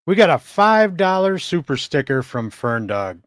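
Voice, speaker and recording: A man's voice: on the high side, sing-song, measured pace, no echo, clean studio sound. A man co-hosting a streamed morning show, dropping in brief, easygoing remarks. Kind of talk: casual livestream chat.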